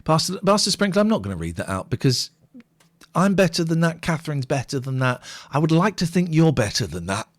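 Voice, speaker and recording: Brief: male co-host, casual late-night stream chat, animated delivery, dry close mic. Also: a little high, fairly quick, dry recording. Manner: chatty, wry, reads out tips and comments. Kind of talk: casual chat, reading out viewer comments.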